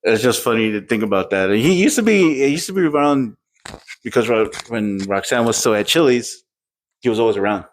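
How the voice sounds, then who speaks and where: Lively, swearing male podcast co-host. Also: medium pitch, brisk. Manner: animated storyteller, swears freely. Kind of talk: casual chat.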